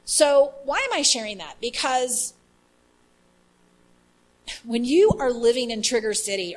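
A woman leading an inner healing ministry, telling an animated story with many fillers in a faith-based teaching talk. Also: medium pitch, rough recording.

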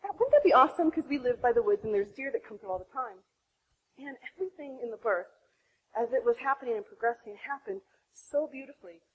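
A woman in her thirties sharing her own birth story to other women, animated, acting out her past self. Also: a little fast, husky, poor audio. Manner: animated, acts out her own past voice with big pitch jumps. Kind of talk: impassioned personal testimony.

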